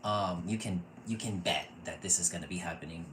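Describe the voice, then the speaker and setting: A man in his thirties teaching a casual online intuition class, gushing and excitable and often laughing. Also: low-pitched, brisk. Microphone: computer mic, off camera. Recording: echoey room with faint noise.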